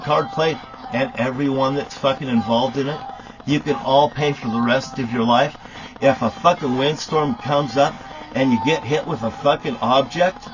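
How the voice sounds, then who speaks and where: A man delivering a profane, accusatory rant to camera outdoors, sometimes shouting. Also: a little high, dull audio. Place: outdoors at a rock landmark.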